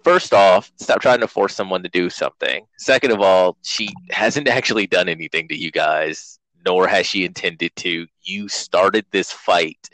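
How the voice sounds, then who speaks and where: A man with a fairly low voice talks bluntly in a casual podcast chat, opinionated and quick to swear. The sound is dry and close, with no room around it. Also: a bit bright, dry recording, low-quality recording. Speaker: podcast co-host.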